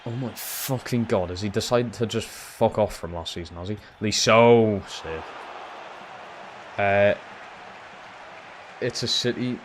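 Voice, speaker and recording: A man's voice: lowish voice, takes it slowly, pauses often, a little hiss or hum. A young Geordie man from Newcastle, streaming a football game and ranting with lots of swearing. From Newcastle, England. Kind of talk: live gaming commentary.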